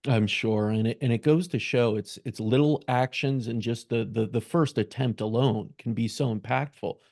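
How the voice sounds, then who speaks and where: A man hosting an interview, asking questions and reflecting in a measured, deliberate way. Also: medium pitch, creaky, a little mellow. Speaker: host.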